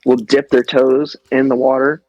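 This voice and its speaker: A man's voice: mid-range voice, moderate pace, dry recording, highs cut off. Swearing, storytelling man on a podcast. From American Midwest. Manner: swears freely, animated anecdotes, laughs often. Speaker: podcast guest, airsofter. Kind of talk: casual storytelling chat.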